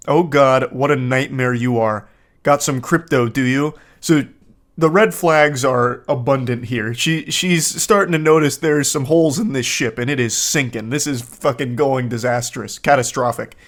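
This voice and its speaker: A man in his thirties giving comedic commentary while reading text messages, mostly deadpan but breaking into incredulous outbursts. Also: mid-range voice.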